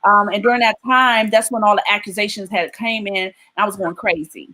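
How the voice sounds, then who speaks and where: A woman from Maryland giving an emotional personal testimony of her faith, often pausing with "um" and "right?". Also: medium pitch, fairly even intonation, pushed and bright, low-quality recording. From Maryland, USA. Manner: emotional storytelling with frequent "um" and "right?".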